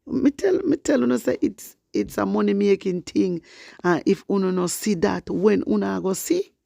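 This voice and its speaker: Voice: medium pitch, moderate pace, gravelly, mellow, no room sound, clean studio sound. A fiery online commentator with a Jamaican accent, talking to viewers and mixing patois with standard English.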